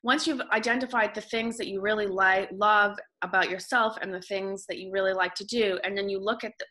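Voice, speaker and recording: A woman from Canada, a podcast guest and author, talking in a casual, animated way with quick restarts. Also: mid-range voice. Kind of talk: casual interview talk.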